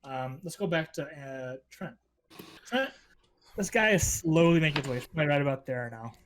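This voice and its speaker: A man narrating as game master in a tabletop role-playing session, talking with frequent pauses and fillers. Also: on the high side, fairly bright tone, a little hiss or hum. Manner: hesitant, many fillers.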